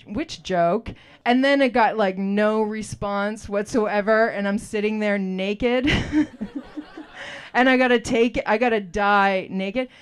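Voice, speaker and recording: A woman's voice: medium pitch, smooth. A woman, doing a wry, self-deprecating stand-up set outdoors. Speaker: stand-up comic. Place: outdoor alleyway stage.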